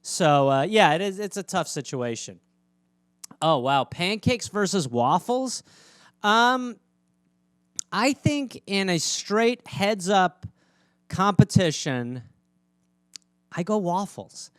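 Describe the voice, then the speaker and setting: A man in his thirties riffs through a solo podcast in a casual, joking ramble. His voice is high and clean, recorded close with a completely dry sound. Now and then he breaks into quick, squeaky character voices. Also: animated, fairly bright tone, smooth, no echo. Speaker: podcast host.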